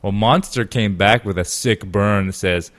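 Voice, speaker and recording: A man with a very low voice hosts a casual gaming podcast chat. He rambles along, piling up fillers and restarting his sentences. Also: normal speed, a bit bright. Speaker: podcast host.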